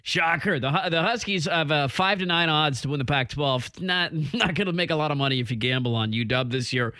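Bright-voiced male sports radio host. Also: fairly high pitch, no room sound, clean studio sound. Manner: quick, joking banter with laughs. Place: radio studio. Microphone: studio mic.

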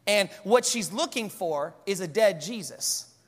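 A man preaching a sermon to a church congregation, animated and conversational, with jokes between points. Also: sits high, measured pace, breathy edge. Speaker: pastor. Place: large church hall. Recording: church hall with long reverb.

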